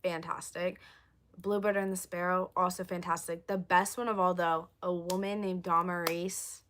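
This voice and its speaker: A young woman chatting on a livestream, rambling and answering viewer comments, her voice going hoarse. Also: fairly low pitch, little pitch movement, normal speed, a bit bright. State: losing her voice, coughing. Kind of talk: casual livestream chat.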